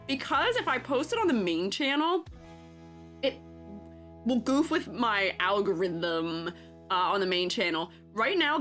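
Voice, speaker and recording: A streamer who also teaches art chats casually on her live stream, rambling with plenty of fillers and frequent giggles. Her voice is medium in pitch with a fairly bright tone.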